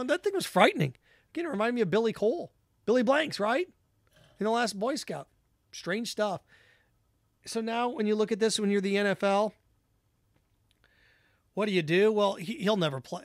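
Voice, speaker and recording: A man with a high, bright voice hosts a solo sports talk show. He argues his opinions emphatically and repeats key points to drive them home. The recording is dry and close, with no room sound. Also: dry recording.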